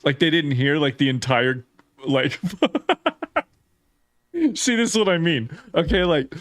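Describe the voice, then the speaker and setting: A man hosting a casual gaming live stream, chatty and excitable, laughing often and reading chat messages aloud. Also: fairly high pitch, takes it slowly, dry recording, studio quality. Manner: swears casually, lots of "like".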